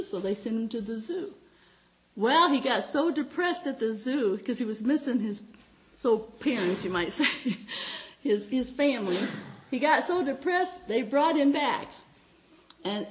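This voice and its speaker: A middle-aged woman preaching to her congregation with a high voice. She tells her stories warmly and with feeling, her voice lifting and sinking, and she often breaks into laughter. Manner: heartfelt, animated storytelling with frequent laughs. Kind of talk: sermon with personal stories.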